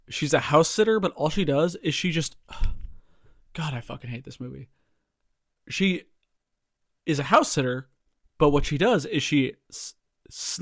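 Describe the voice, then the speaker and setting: A man's voice: fairly high pitch, a bit bright, no echo, clean studio sound. A man ranting casually about a movie to his viewers, exasperated and profane, rambling with lots of fillers and calls of "guys". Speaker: vlogger reviewing a movie. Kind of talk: casual rant to camera.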